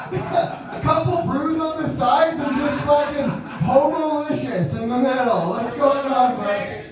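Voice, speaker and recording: A man's voice: very high voice, takes it slowly, far from the mic. A man hosting a live comedy show, doing brash, profane crowd work and laughing with the audience. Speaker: comedy host. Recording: echoey room, mic heard from afar. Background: crowd reactions.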